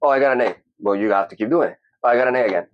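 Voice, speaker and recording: Young man from Peru, podcast guest, lively storyteller who mimics others, dry dull recording. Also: mid-range voice, very fast, no echo. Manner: animated, acts out quoted voices. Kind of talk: casual storytelling.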